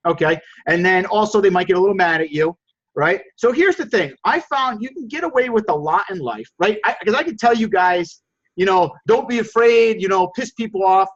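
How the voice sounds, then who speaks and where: High-pitched energetic sales coach man. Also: fairly quick. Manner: energetic, coaxing, repeats words. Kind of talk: coaching group call. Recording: dull lo-fi call audio.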